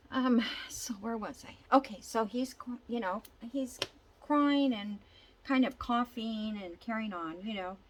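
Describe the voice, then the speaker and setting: Slow-talking older woman crafter. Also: a little high, slight background noise, rough recording. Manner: chatty, thinks aloud while working, rambling storyteller. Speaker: junk journal crafter. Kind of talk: casual crafting vlog.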